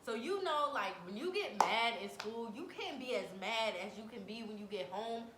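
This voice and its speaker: A young adult woman telling a personal story to camera in a dramatic, animated way, full of slang. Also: moderate pace. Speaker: vlogger. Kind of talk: storytime vlog. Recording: echoey room, faint rumble.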